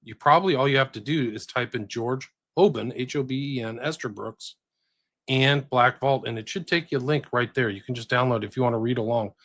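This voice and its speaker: A man's voice: medium pitch, brisk, fairly bright tone. A man hosting a podcast, chatting casually and giving listeners plain directions. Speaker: podcast host.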